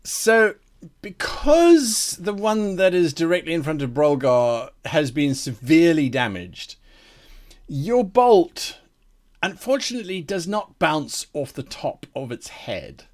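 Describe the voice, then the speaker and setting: Brief: male game master, bright animated narration, playful scene-setting. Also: fairly high pitch. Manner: vivid, playful description.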